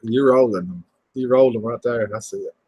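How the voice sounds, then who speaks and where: A man's voice: medium pitch, brisk, a little mellow, slightly rough, dry recording, poor audio. A man with a Southern US accent chatting casually on a livestream, rambling and laughing easily. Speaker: livestream host.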